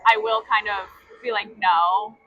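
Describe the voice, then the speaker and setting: A woman guest bartender chatting casually, quick and full of fillers. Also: mid-range voice, fairly even intonation, dull audio. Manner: quick, filler-heavy talk with frequent laughs. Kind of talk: casual chat.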